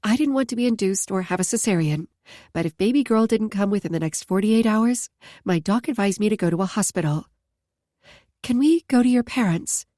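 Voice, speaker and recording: A woman narrating a first-person romance audiobook in a calm, steady way. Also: mid-range voice, a little fast, no room sound, studio quality.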